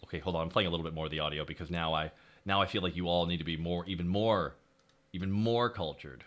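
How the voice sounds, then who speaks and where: A man streaming, chatting casually and excitedly, swearing freely as he reacts. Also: deep voice, fast talker.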